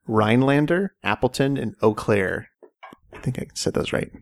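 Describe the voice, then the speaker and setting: Man, quiz host, slow clue reading, frequent laughs, dry close sound. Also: mid-range voice, lively intonation, creaky, dry recording. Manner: reads clues slowly, laughs often. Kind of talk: hosting a casual quiz game.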